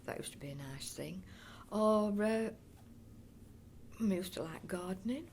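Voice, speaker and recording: This older woman, an oral history interviewee from North East Derbyshire, England, has an expressive mid-range voice with a darkish tone and a measured pace. Slight background noise can be heard. Her reminiscing is chatty and rambling, with frequent restarts and fond asides.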